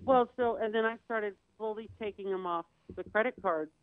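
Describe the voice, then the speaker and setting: A woman's voice: mid-range voice, moderate pace, no room sound. Woman telling her story over thin audio. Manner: candid, acts out quoted voices. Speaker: guest. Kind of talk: personal storytelling on a talk show. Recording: tinny phone-like dry sound.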